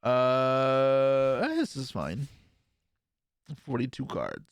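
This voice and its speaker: A man's voice: medium pitch, animated, extremely slow, clean tone, no echo, studio quality. A man casually commentating his own card game play on a live stream, joking and swearing. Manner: laid-back, jokey, swears and laughs often.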